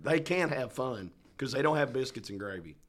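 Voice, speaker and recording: A man's voice: mid-range voice, moderate pace, crowd noise. A man with a Southern US accent, co-hosting a casual podcast and telling stories with a lot of laughter. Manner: animated storytelling, laughs often. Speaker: podcast co-host. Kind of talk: casual chat.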